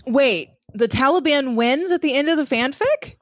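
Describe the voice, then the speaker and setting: A woman's voice: high-pitched, expressive, moderate pace, dry recording. A woman with a Missouri accent co-hosting a podcast, making wry, dry quips and hedging her points carefully. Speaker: podcast co-host. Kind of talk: casual podcast chat.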